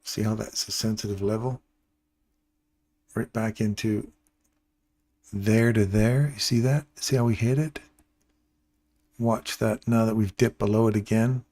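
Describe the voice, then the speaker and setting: A man's voice: fairly low pitch, fairly even intonation, a little slow, long pauses, darkish tone. A man hosting a live trading stream, giving casual, playful running commentary and talking to his viewers by name.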